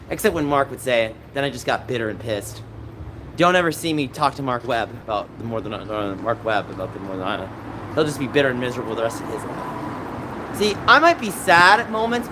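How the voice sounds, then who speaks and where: A man hosting a casual livestream from outdoors, chatting back to viewers and rambling between stories. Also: medium pitch. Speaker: livestream host. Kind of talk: casual chat with live chat. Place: outdoors on a city street. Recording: noisy outdoor street recording.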